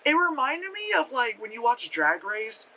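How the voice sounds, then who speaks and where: A young adult reviewer riffing on a film in a loose, chatty vlog. The voice is bright and forceful, with lively pitch swings. There is plenty of swearing, filler words and laughter. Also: normal speed. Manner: animated, profane, laughs often, many fillers. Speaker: movie reviewer; effects artist. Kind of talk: casual spoken film review.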